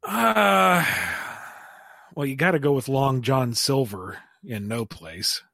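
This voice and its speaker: A man's voice: mid-range voice, takes it slowly, gravelly, pushed and bright, no room sound, clean studio sound. A man co-hosting a casual podcast, answering listener questions by playfully riffing out silly scenarios.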